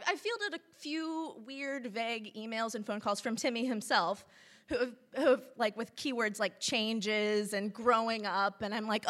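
A woman's voice: a little high, sharp tone. A woman in her twenties from Missouri tells a personal story to a live audience, chatty, with many ums and laughing asides. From St. Louis, Missouri, US.

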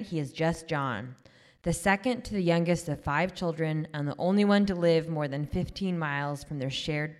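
A woman hosting a live event, reading a prepared introduction in a measured way. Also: low voice. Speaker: event host. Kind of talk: reading a scripted speaker introduction. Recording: long hall reverb.

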